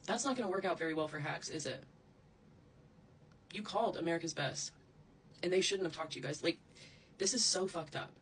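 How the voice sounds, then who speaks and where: A woman's voice: lowish voice, fairly quick, long pauses, slight background noise, poor audio. A woman ranting angrily straight to camera, heated and profane, wandering off into asides. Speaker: social media creator. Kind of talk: angry direct-to-camera rant.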